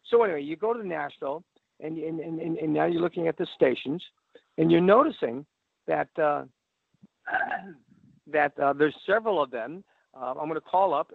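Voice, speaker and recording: Gravelly man on a tinny phone line. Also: a little high, no room sound. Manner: rambling, animated, acts out phone calls. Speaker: radio guest. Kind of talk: casual advice talk.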